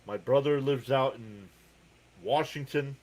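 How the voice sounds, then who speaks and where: Chatty New Jersey man calling baseball live. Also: unhurried. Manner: relaxed, chatty, reads viewer comments aloud between pitches. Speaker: live sports reaction host. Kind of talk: live baseball play-by-play and chat.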